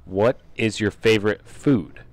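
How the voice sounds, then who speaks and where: A man hosting a podcast in casual chat, steering the conversation with brief, relaxed questions. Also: fairly low pitch, unhurried, dry recording. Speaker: podcast host.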